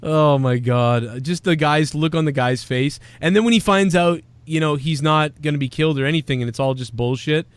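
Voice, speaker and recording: A man's voice: fairly high pitch, moderate pace, hardly any pauses, clean tone, no echo. An American man hosting a show, rambling and swearing in casual banter. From United States. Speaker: podcast host.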